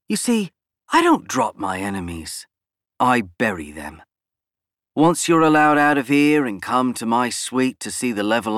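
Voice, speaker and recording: A man's voice: fairly bright tone, no echo, clean studio sound. A man voicing a brash, arrogant male politician who snaps out his words in a boastful, threatening way. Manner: snapping, boastful, raised pitch.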